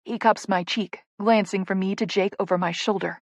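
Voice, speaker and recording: A woman's voice: medium pitch, fairly even intonation, normal speed, no room sound. A woman narrating a first-person romance audiobook in an intimate, playful way, on a close studio mic.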